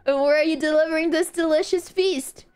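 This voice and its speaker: A woman's voice: sits high, steady tone, moderate pace, darkish tone, soft background music, natural voice. A text-to-speech voice playing a wary elderly grandmother in a game, prim, old-fashioned and politely refusing. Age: older. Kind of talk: game character dialogue.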